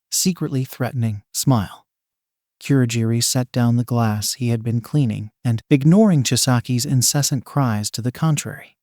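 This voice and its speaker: A man's voice: mid-range voice, dark tone, no room sound, studio quality. A man steadily narrating a fan fiction story.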